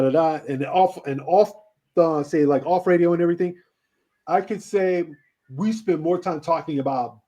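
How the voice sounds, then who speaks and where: A man with a slightly raised voice tells rambling stories in a relaxed interview. He laughs often and swears freely. He talks like a radio host swapping old memories. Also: fairly high pitch. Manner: animated, laughing, swearing storyteller. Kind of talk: casual storytelling interview.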